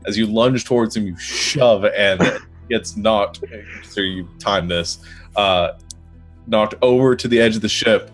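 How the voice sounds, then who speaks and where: A man's voice: fairly low pitch, soft background music. A man narrating a tabletop game as game master, playful and laughing often. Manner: laughing often, playful, does quick character voices.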